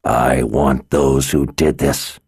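A man voicing a grieving, angry warrior who speaks slowly and heavily in an audiobook. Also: rumbling low, fairly even intonation, vocal fry, husky, no room sound, studio quality, voice pushed down, exaggerated voice. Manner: slow, heavy, rage and misery. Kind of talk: audiobook character voice.

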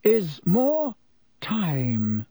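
A man voicing an old, wise male headmaster wizard in an audiobook, speaking slowly, quietly and very clearly. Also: high-pitched, big pitch swings, no room sound, voice pushed up, heavily acted. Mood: instructing. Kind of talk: audiobook character voice.

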